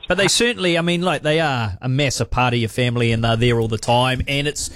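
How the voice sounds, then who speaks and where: A man co-hosting a talkback radio show, brisk and friendly with callers. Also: mid-range voice, fairly bright tone, no echo. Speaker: radio host.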